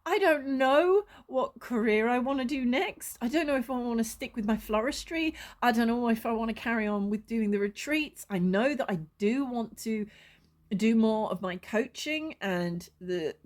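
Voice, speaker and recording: Woman vlogger, fiery and emotional, high bright voice, swears and laughs a lot. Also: measured pace. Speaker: spiritual coach and vlogger. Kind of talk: casual vlog talk to camera.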